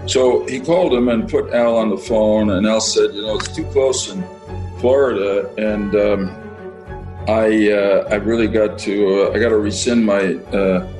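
A man's voice: fairly low pitch, fairly even intonation, normal speed. A man in an interview telling an amused anecdote, with many fillers. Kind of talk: interview recollection. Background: music.

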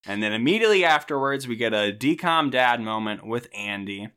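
Podcast co-host, man, bright tone, lively storyteller who slips into character voices. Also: mid-range voice, brisk, smooth. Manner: animated, acts out characters' lines while recapping. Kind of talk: casual movie recap chat.

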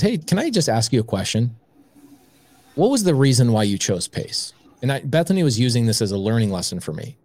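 On an interview podcast, a male guest who invests in real estate spins a lengthy personal tale, acting out both sides of each exchange with lots of animation. The recording is dry, and his voice has a medium pitch.

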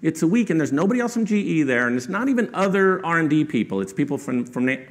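A man's voice: on the high side, creaky. A man telling a story to an audience as a guest speaker. He talks in a conversational way, often adds "right?", and raises his voice to quote people. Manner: conversational with frequent rhetorical "right?".

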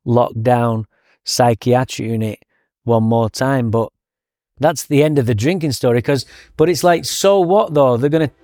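A man's voice: medium pitch, warm tone, no room sound. A man with an English accent telling his story as a guest in an interview, blunt and candid, laughing at himself. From England.

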